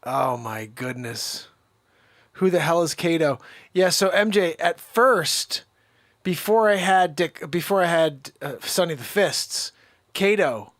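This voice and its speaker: A male comedian chatting casually to camera in an animated, rambling way. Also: a little high, slow pace, no echo, clean studio sound.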